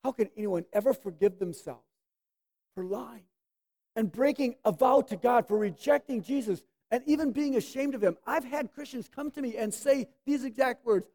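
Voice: mid-range voice, normal speed, mellow. A preacher delivering a sermon, emphatic, drawing words out and pressing the listeners with rhetorical questions.

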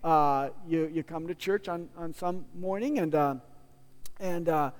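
Male pastor, high voice, casual conversational sermon delivery, long reverb of a big room. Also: a little slow, clear, resonant tone. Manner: casual, conversational teaching with frequent restarts and playful asides.

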